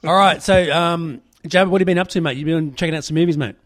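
An upbeat man co-hosts a casual podcast and greets guests with a breezy "mate." He talks fast, and his pitch sits a little high. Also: fairly bright tone. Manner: upbeat, quick, says "mate" often. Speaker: podcast co-host.

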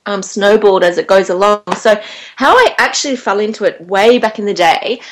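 Chatty Australian actress on air. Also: female voice, mid-range voice, fairly quick. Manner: chatty, rambling, laughs easily. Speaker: actor guest. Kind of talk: casual radio interview chat.

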